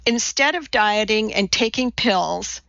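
A woman's voice: mid-range voice, animated, a little slow, gravelly, a bit bright, no room sound, highs cut off. A woman reading the part of a blunt, precise female scientist lecturing a TV audience.

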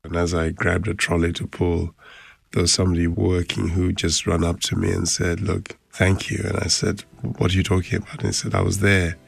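A man's voice: sits low, monotone, a little fast, gravelly, slightly rough, no echo. A man, earnestly recalling the past in an interview. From Ghana. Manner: reflective, earnest. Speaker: former football club chairman. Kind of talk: interview recollection.

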